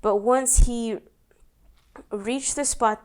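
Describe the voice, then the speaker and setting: A woman's voice: on the high side, steady tone, extremely slow, darkish tone. A young woman co-hosting a podcast, chatting casually with wry, laid-back remarks. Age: young adult. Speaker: podcast co-host. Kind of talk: casual chat.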